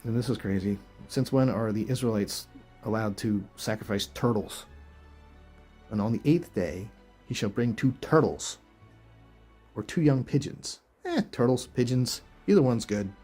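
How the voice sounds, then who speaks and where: A man's voice: mid-range voice, animated, normal speed, mellow, husky, faint music behind. A man hosting a video, reading verses aloud and reacting with incredulous, chuckling rhetorical questions in casual commentary. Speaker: video host.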